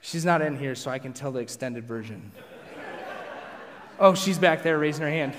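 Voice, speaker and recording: A man preaching to a live congregation, telling a self-deprecating personal story in an animated way. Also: a little high, moderate pace, a little hiss or hum. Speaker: pastor. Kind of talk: storytelling sermon. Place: large hall with a live audience. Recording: long hall reverb.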